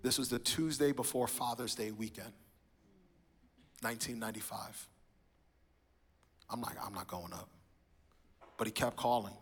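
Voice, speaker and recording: A man's voice: mid-range voice, steady tone, moderate pace, long pauses, breathy edge. A man from New York giving a sermon-style personal testimony in a church, telling his story with animation and acting out the voices of people in it. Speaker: speaker sharing his testimony. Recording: reverberant hall.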